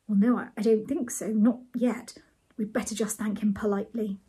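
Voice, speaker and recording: Fussy, bashful old gentleman read by a woman, breathy and polite, storybook style. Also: mid-range voice, steady tone, moderate pace. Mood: whispering. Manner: hesitant, polite, drops to a whisper when nervous.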